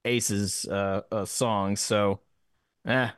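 A man co-hosting a music podcast in casual chat, acting out mock quotes with animated energy. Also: on the low side, very slow, no echo, studio quality. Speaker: podcast co-host.

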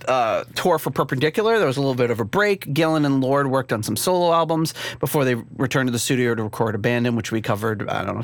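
A man in a mid-pitched voice hosts a casual podcast from his home, wandering through his thoughts with fillers and easy laughs. The sound is close and dry, with no room echo at all. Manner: rambling, many fillers and restarts, laughs easily. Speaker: podcast host.

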